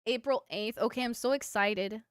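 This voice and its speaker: A woman's voice: on the high side, moderate pace, smooth, dry recording, clean studio sound. A young woman livestreaming, telling childhood stories to her chat in a rambling, filler-heavy way. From Cuban family. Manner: rambling storyteller, lots of fillers, laughs at own stories. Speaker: livestream streamer. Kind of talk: casual chat with viewers.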